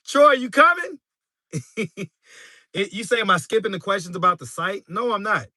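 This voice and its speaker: A man's voice: sits high, animated, normal speed, sharp tone, no room sound, studio quality. A man from New York hosting a casual livestream, laughing often and talking straight to his chat. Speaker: street interview channel host.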